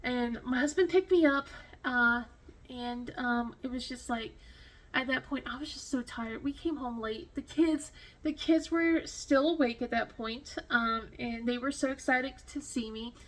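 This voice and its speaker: A woman vlogger telling a rambling story in casual chat, full of fillers and restarts, emotional and quick to laugh. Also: high voice. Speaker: crafting vlogger.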